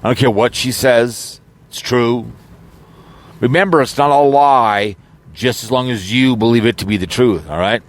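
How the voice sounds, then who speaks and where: A man's voice: medium pitch, normal speed. A man rambling casually in an audio vlog, joking around with lots of fillers and false starts, recorded in his car. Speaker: YouTuber.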